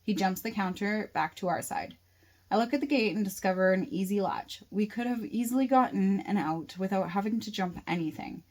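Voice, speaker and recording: A woman author narrating her own novel in the first person, in a plain, steady reading voice. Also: medium pitch, fairly quick, poor audio.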